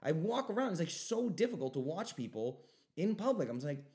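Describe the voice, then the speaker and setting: A young man hosting his own podcast, ranting emphatically and swinging between loud outbursts and quieter asides. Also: fairly high pitch, brisk, vocal fry. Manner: animated, emphatic ranting with mocking voices. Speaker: podcast host. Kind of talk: solo podcast rant.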